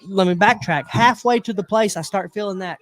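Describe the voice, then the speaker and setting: A man spins a rambling, animated tale on a casual podcast. He slips into other people's voices as he goes. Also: sits high, brisk. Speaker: podcast host. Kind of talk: casual storytelling chat.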